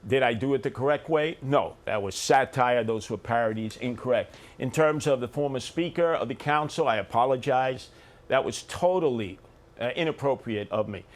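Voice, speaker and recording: A blunt man answers in short, clipped phrases during a live studio debate. His voice sits at an ordinary middle pitch and he talks like a seasoned radio host. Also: moderate pace. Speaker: mayoral candidate and talk radio host.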